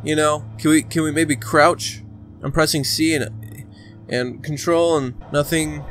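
A man giving casual let's play commentary, excitable and talking to the game character, sometimes breaking into shouts. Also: fairly high pitch, a little slow, faint music behind. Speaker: gaming channel host.

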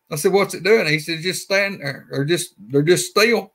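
A man's voice: fairly high pitch, expressive, fairly quick, few pauses, a bit bright. A man with a Southern Alabama accent, telling a story in a rambling, folksy way. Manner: rambling, folksy, repeats himself. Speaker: guest. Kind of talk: casual storytelling.

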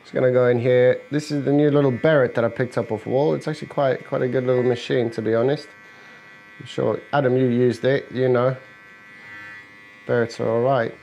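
A male barber walks through each step of a fade while he cuts. His voice sits at an ordinary middle pitch, relaxed and matter-of-fact, with electric clippers buzzing faintly in the shop behind him. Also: fairly quick, vocal fry, slight background noise, poor audio. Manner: relaxed, instructive, joking with his client. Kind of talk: narrating a haircut while working. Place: barbershop, indoors.

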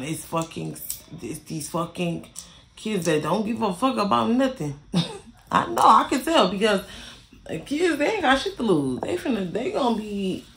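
Young woman vlogger, gravelly voice, swearing freely through a casual storytime. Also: on the low side, a little hiss or hum. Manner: blunt, heavily profane, repeats herself for emphasis. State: irritated.

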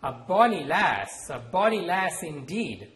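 A man's voice: very animated, unhurried, a bit bright, slight background noise. A man reading aloud, voicing a bossy, scornful girl cousin who switches between mock-hearty bluster and indignant protest. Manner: booming mock-hearty pirate bluster, then shrill protest. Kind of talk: author reading his novel aloud.

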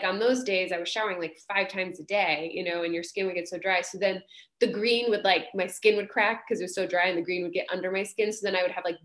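Chatty actress, roomy echo. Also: female voice, mid-range voice. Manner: animated, chatty, acts out quoted voices, many fillers. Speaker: Broadway actress guest. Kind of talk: casual storytelling.

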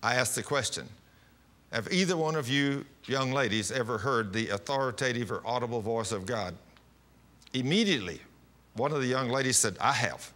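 A man's voice: mid-range voice, lively intonation, moderate pace, a bit bright. A man preaching on a televised program, telling personal stories in a folksy, rambling way with frequent restarts. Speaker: pastor. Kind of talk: televised sermon with testimony. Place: television studio.

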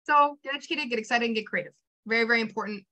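A young woman with a high, bright voice gives a motivational training to her team. She talks in an energetic, chatty way, full of fillers and quick asides, and she rallies her listeners directly. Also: poor audio.

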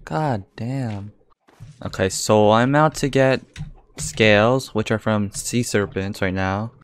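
A young man with a lowish voice talks through his game as he plays. He thinks out loud, then breaks into sudden exclamations and curses. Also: takes it slowly, smooth. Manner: reactive, swears and exclaims often, thinks aloud. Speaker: gaming YouTuber. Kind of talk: live game commentary.

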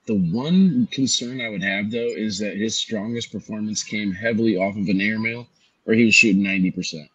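A man co-hosting a sports podcast, talking through his betting picks in a measured, analytical way. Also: lowish voice, a bit bright, husky, dull audio. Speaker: co-host.

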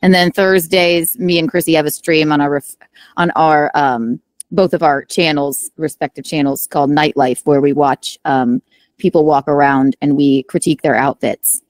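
Young woman, low-pitched, dry close sound, careful enunciation, chatty. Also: steady tone, normal speed, no echo. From South Carolina, USA. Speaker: streamer, guest. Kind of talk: casual chat.

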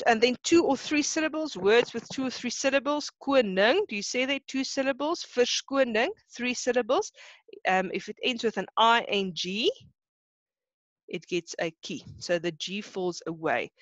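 A woman's voice: a little high, lively intonation, normal speed, a bit bright, no room sound, muffled recording. A South African woman teaching an online class, who explains each rule step by step and keeps checking that students follow. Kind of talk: online lesson.

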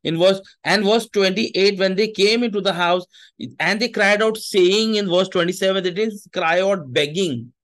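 A man's voice: high-pitched, moderate pace, a bit bright. A man preaching a sermon, emphatic and repeating his phrases, with Hindi asides.

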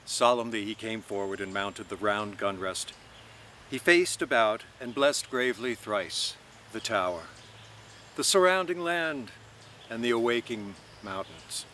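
A man reading a novel aloud in measured, expressive narration. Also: on the low side, a little hiss or hum. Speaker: reader.

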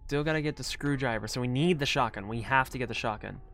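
A bright, forceful young male voice narrating his own live gameplay. He mutters to himself between moves and now and then bursts into loud, startled yelps. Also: mid-range voice, quick pace. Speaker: gaming streamer.

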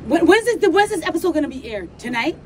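A woman's voice: sits high, very animated, fast talker, background noise. A woman rehearsing a comic persona, talking in a theatrical, profane way with mock outrage. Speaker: comedic performer.

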